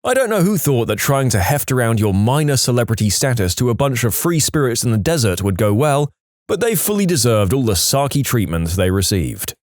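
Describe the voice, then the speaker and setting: A man's voice: mid-range voice, very animated, brisk, no room sound, studio quality. A man narrating online stories in a scripted read, with a wry, sarcastic storytelling manner.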